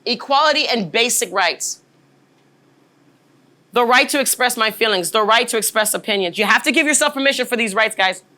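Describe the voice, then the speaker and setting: A woman's voice: fairly high pitch, animated, fairly quick, bright, forceful tone. A woman in her forties giving a motivational workshop talk as a leadership trainer, emphatic and often checking in with "right?". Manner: emphatic, keeps asking "right?" to the audience.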